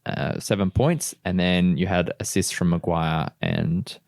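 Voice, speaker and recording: A man with a deep voice chats easily on a football podcast. He agrees readily and teases the others. The sound is dry and close. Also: fairly even intonation, unhurried, creaky, darkish tone, dry recording. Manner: laid-back, agreeable, teasing. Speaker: podcast co-host. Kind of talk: casual chat.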